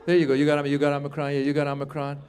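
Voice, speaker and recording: A man in his fifties performing a stand-up comedy set on a club stage, chatting with the crowd and jumping into loud put-on voices. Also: fairly high pitch, monotone, very fast, smooth. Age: 50s.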